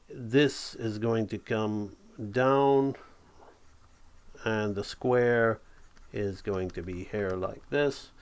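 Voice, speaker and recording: Slow-talking man teaching drawing. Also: medium pitch, smooth. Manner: relaxed, talks along while sketching, frequent "right?". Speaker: animation teacher. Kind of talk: drawing tutorial, thinking aloud.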